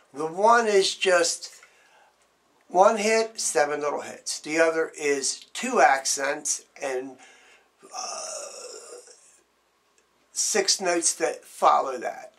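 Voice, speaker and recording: A man's voice: on the high side, vocal fry. A man teaching drum strokes, explaining plainly and counting beats aloud as he demonstrates. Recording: loud background noise.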